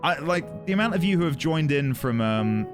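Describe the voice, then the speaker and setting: A man's voice: a little high, lively intonation, normal speed, music in the background. A man streaming a game, rambling and flustered as he thanks his chat effusively.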